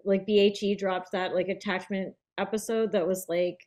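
A woman chatting casually as a podcast co-host, blunt and animated, swearing freely as she talks. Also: mid-range voice, moderate pace. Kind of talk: casual chat.

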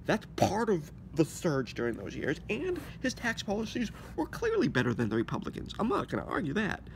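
A man's voice: high voice, wildly swooping pitch, a little fast, gravelly, a little hiss or hum. Agitated man ranting outdoors. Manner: agitated, sarcastic, rising to near-shouts and dropping to mock whispers. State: losing his voice. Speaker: political commentator. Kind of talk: ranting monologue to camera.

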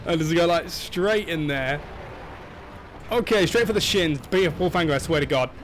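A young man giving casual, excitable commentary over his own gameplay, yelping and laughing at the game. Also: a little high, moderate pace, a little hiss or hum. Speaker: gaming channel host.

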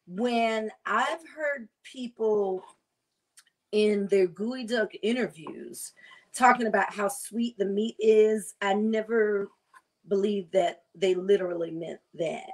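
Woman, cooking vlogger, casual kitchen chat, slow pace, savoring delivery. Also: medium pitch. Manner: chatty, drawn-out and savoring.

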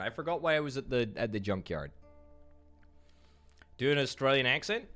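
Streaming a game with faint music behind him, a man from Scotland talks in a mid-range, animated voice that's pushed and bright. He's chatty, quick to fire joking replies back at viewer chat, all in a Scottish accent.

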